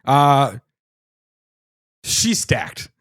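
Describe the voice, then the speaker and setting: A man's voice: medium pitch, sing-song, very slow, fairly bright tone, dry recording, studio quality. A man co-hosting a casual podcast, telling a story with lots of energy, laughing often and swearing casually. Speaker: podcast co-host. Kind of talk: casual chat.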